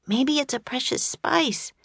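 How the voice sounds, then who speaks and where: A woman's voice: high-pitched, creaky, fairly bright tone, husky, no echo, clean studio sound, pitched above the performer's own voice, full character voice. A woman voicing a bold, curious young girl in a storybook reading. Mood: eager. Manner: eager, quick suggestions.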